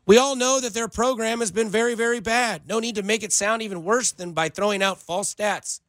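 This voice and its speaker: A man's voice: sits high, a little fast, fairly bright tone, no echo. A man hosting sports talk radio, sarcastic and ranting as he answers listener texts. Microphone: studio microphone.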